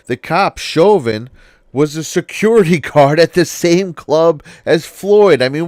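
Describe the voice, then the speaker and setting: A man's voice: medium pitch, clean tone, no echo, clean studio sound. A man giving casual, conversational commentary that often seeks the listener's agreement. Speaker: video commentator.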